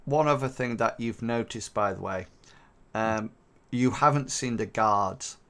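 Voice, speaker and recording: A man narrating as game master, in a relaxed way with many fillers. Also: on the low side, measured pace.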